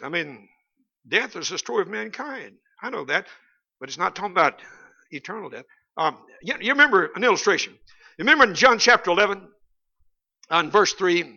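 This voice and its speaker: A Baptist preacher delivering a sermon in a high, very bright voice, folksy and humorous, climbing to emphatic peaks. The lo-fi church recording sounds slightly dull. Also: male voice, animated, fairly quick, gravelly.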